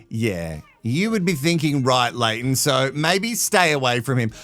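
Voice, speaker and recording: Sarcastic bright-voiced male recap host. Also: medium pitch, very animated, faint music behind. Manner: sarcastic, quick to get worked up, laughs often. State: tired and run down. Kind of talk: casual comedic recap commentary.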